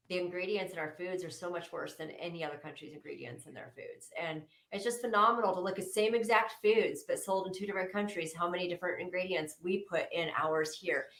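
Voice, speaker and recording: A woman's voice: on the low side, a bit bright, roomy sound, low-quality recording. A woman, a nurse, speaking as a guest in a casual interview, earnest and hesitant, with many ums and restarts.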